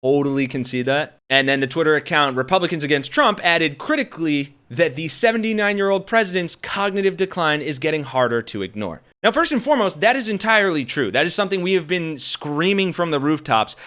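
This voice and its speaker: A man in his thirties hosting casual political commentary, talking straight to his viewers, animated and profane. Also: fairly high pitch, a little fast, few pauses. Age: 30s.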